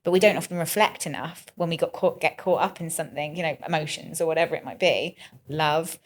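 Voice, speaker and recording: Low-voiced woman hosting a reflective podcast chat. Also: fast talker. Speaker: podcast host. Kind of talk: casual podcast interview.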